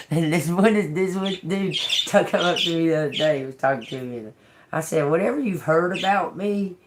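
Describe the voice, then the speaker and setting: A woman tarot reader talking in a casual, rambling monologue, blunt, sarcastic and full of swearing, laughing between remarks. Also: extremely low pitch. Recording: noisy home recording.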